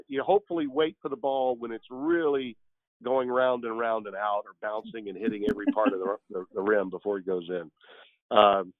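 A man's voice: mid-range voice, dry recording. A man in his sixties, a veteran sportscaster, telling stories and joking as a guest. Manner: storytelling, joking. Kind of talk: casual chat. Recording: dry tinny phone line.

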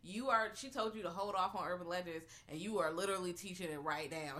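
A woman's voice: fairly low pitch, expressive, fast, hardly any pauses, bright, forceful tone. A woman co-hosting a podcast, a teacher, talking bluntly and profanely in casual chat. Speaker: podcast co-host.

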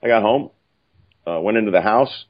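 An older man telling stories casually, animated and profane, acting out other people's lines. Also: on the low side, normal speed. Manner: animated, profane, acts out quoted voices. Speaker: film writer-director guest. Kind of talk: casual anecdotal storytelling. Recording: muffled lo-fi audio.

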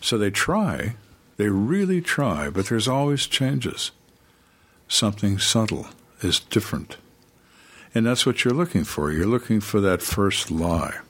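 A low, husky-voiced middle-aged man tells stories from his police work in a relaxed interview. His pitch swings widely as he acts out the people he describes. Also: a little slow. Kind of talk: casual storytelling interview.

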